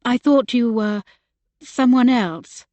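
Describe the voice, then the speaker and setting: Narrator as a flustered young lady, apologetic, slightly raised pitch. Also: slow, mellow, no echo.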